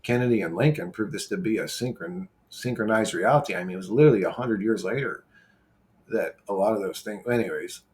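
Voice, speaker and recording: A man's voice: on the low side, fairly quick, darkish tone. A brash man who swears freely, rambling casually as he replies to viewer comments. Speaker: YouTuber replying to comments.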